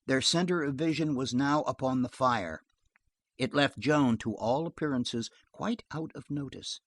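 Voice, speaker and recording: An audiobook narrator reading a western novel aloud in an expressive storytelling manner. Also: medium pitch, measured pace, no room sound.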